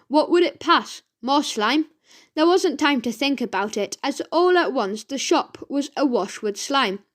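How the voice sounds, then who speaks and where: A woman reading a children's audiobook aloud, slowly and with the odd stumble and self-correction. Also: sits high, animated. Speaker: reader.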